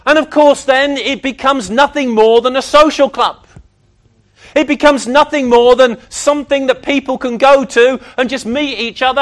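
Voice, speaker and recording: Male preacher, very high pitch, emphatic and animated. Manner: animated, emphatic, acts out voices of others. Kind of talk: sermon.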